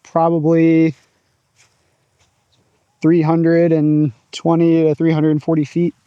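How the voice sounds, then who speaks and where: Man, casual outdoor vlogger, chatty and upbeat, warm dry voice. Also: fairly high pitch, completely flat delivery, takes it slowly, clear, resonant tone, dry recording, lo-fi sound. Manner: upbeat, chatty, narrating his own throws. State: out of breath at times. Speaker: disc golf vlogger. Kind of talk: casual outdoor vlog commentary. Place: open field outdoors.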